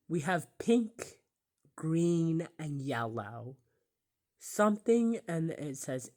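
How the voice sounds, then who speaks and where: Slow, animated woman muttering "ew" reactions. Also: sits low. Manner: disgusted exclamations, often drops to a whisper. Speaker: YouTuber reacting to a film. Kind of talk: casual commentary while pausing a movie.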